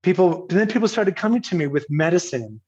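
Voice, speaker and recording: Heard on slightly dull, lo-fi audio, this older Virginian podcast guest has a high, expressive, slightly rough voice with a darkish tone, and he talks quickly. In a casual interview he tells a story at his own expense, laughing at himself while quoting other people.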